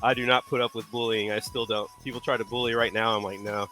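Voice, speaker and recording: A man co-hosting a live painting stream, telling stories in a loud, animated way and laughing often. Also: fairly low pitch, fast talker, soft background music. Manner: animated storyteller, acts out yelling, laughs a lot. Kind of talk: casual chat, telling stories.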